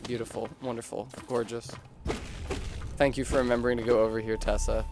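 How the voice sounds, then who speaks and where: A man's voice: mid-range voice, little pitch movement, brisk, very noisy. A man streaming a game, chatting casually in a rambling, self-deprecating way to his viewers. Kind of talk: casual gameplay chat.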